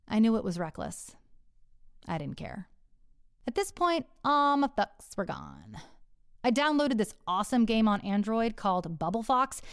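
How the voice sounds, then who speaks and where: A woman's voice: medium pitch, clean tone, no room sound. A middle-aged woman telling her own story in a candid, wry and profane way, recorded close on a studio mic. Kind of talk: confessional personal storytelling.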